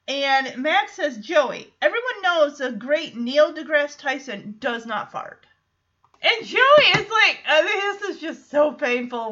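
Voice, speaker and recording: A woman hosting a podcast, recapping an episode in a casual, animated way, acting out the characters' lines and laughing often. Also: sits high, dull audio. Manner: animated storytelling, acts out quotes, laughs often. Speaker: podcast host.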